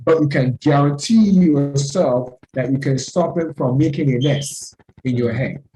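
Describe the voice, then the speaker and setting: A man's voice: a little high, measured pace, dark tone, a little hiss or hum. Earnest man leading a class, echoey. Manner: earnest, self-deprecating, repeats phrases. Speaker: class leader. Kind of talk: teaching discussion.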